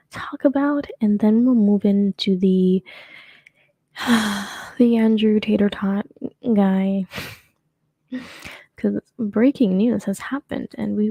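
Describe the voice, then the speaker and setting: A woman's voice: medium pitch, vocal fry, mellow, no room sound. A young adult woman hosting her own show, chatting casually and rambling with lots of fillers and restarts. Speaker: podcast host. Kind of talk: casual solo chat.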